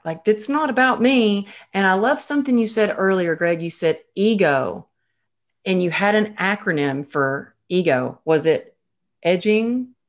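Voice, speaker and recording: Lively storytelling woman host. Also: on the low side. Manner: lively anecdotal storyteller, acts out quoted voices. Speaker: podcast host. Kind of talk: casual storytelling in an interview.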